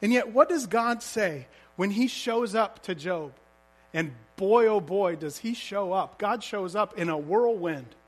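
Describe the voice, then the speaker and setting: A man's voice: sits high, expressive, measured pace. A man preaching a sermon as a pastor, telling stories vividly and asking the congregation rhetorical questions.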